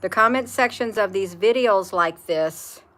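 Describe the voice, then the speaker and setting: A spiritual vlogger talks earnestly on a live stream in a medium-pitched, fairly bright voice, a little slow. She repeats herself for emphasis and reads viewer chat comments aloud.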